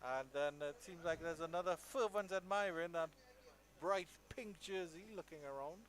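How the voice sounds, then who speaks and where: A man doing live cricket commentary, measured between balls and loud and excited on big shots. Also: fairly high pitch.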